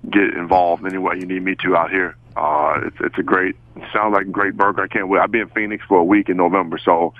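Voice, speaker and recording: A man in his forties, a high school football coach, chatting on a radio show in a laid-back, teasing way. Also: fairly even intonation, fast talker, few pauses, narrow, tinny audio. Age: 40s. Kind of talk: casual radio chat.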